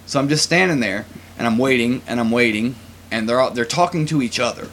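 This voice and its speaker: A man's voice: medium pitch, fairly quick, fairly bright tone, a little hiss or hum. A man telling a story in casual chat as a podcast co-host, laughing often and acting out the people he quotes.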